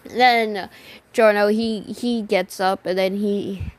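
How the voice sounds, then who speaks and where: A woman's voice: mid-range voice, steady tone, takes it slowly. Rambling woman making up a fan story. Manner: rambling, many restarts and name slips; casual, swears. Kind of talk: improvised fan story telling.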